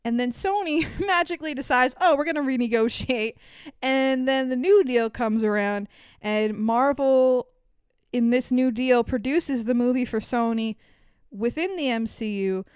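Podcast co-host, woman, profane and animated, a bit high, crisp dry recording. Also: a little slow, dry recording. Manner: profane, animated storytelling with mock quotes. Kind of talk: casual chat.

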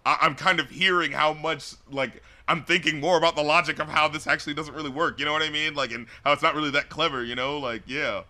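A man co-hosting a podcast, chatting casually through an album review, rambling and animated, full of "like" and "you know". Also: on the high side. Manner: acts out lyrics and studio scenes in loud put-on voices.

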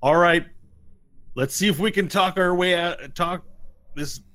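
A man voicing a blustering small-town male sheriff who shouts his lines in a raised, high voice. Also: measured pace. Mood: wary. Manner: yelling, blustering.

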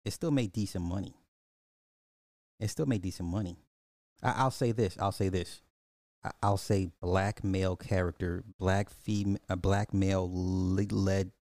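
A man's voice: sits low, a little mellow, no room sound. A man hosting a casual live podcast, rambling through movie box office talk and answering chat comments with frequent restarts.

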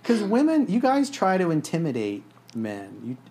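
A man's voice: a little high, huge pitch swings, moderate pace, dark tone, slight background noise. A man hosting a podcast, telling stories in a blunt, profane, casual way. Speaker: podcast host.

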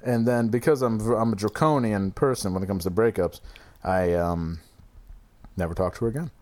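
A man's voice: lowish voice, moderate pace, a little mellow. A man telling a breakup story in casual chat, rambling and swearing, often restarting and laughing.

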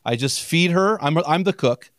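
Upbeat guy guesting on a podcast, bit high voice, fast chatty storyteller, dry close sound. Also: no echo. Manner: energetic storyteller, quick and chatty, laughs often. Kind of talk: casual chat.

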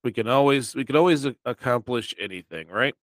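A man hosts a podcast with a deep voice that sounds congested and stuffy. He speaks in upbeat, teasing chat. The recording is dry and close. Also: lively intonation, a little fast, no room sound. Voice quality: deep bass voice. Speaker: podcast host. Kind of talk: casual chat.

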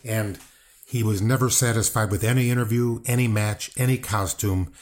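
A man's voice: fairly low pitch, steady tone, normal speed. An older man speaking bluntly and defensively as an interview guest, with rambling restarts and swearing. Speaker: wrestling guest, brother of the subject. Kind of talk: casual interview talk.

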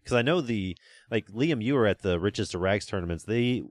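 A man hosting a casual podcast, asking his co-hosts questions in a relaxed way. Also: on the low side, moderate pace, no room sound, clean studio sound. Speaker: podcast host.

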